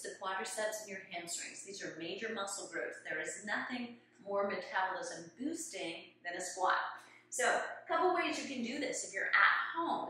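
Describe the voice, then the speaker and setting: A woman's voice: mid-range voice, bright, forceful tone, recorded from a distance, slight background noise. Fitness coach woman in an echoey room. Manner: demonstrating exercises while talking, a little out of breath. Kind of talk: instructional exercise video. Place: room at home.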